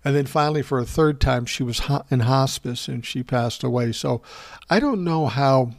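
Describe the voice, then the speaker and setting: A man's voice: medium pitch, moderate pace, vocal fry, no echo. Older man, host, casual storytelling, wry, self-mocking, profane, mid-range voice, dry recording.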